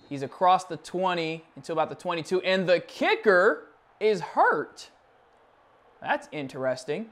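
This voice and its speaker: A young man with a fairly high voice calls his football video game as he plays it. He mutters quietly through the rosters, then jumps to loud, excited play-by-play on big plays. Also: moderate pace. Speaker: gaming channel host.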